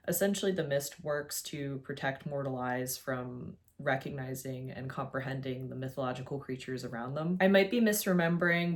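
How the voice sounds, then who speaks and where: Low-voiced young woman, chatty critic. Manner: chatty, opinionated, many "like"s. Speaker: video essayist. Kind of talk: casual video essay commentary. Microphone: facing a camera.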